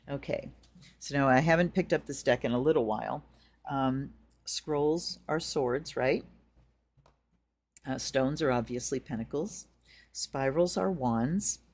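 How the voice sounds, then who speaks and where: A middle-aged woman talks through a tarot spread in a loose, chatty way. She drifts into stories and acts out the quotes in them. Her voice sits low. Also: a little mellow. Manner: chatty, storytelling with acted-out quotes. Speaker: tarot reader. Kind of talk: casual tarot reading.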